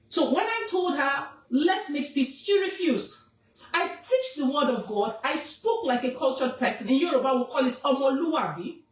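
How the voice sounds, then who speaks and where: Nigerian woman, activist, high and insistent, roomy off-mic sound. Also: recorded from a distance. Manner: emphatic, repetitive, scolding. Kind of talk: impassioned public statement.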